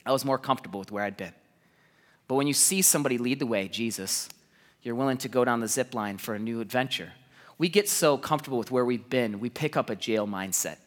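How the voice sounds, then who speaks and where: A man in his thirties preaching a sermon, energetic and animated, telling stories with repeated words and laughs. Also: mid-range voice, quick pace, in a large hall. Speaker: pastor.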